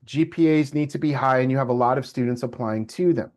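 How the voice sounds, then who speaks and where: A man's voice: mid-range voice, fairly quick. A middle-aged man, a lecturer telling a personal story to his class and acting out the voices of the people in it. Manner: animated storyteller, acts out quoted voices.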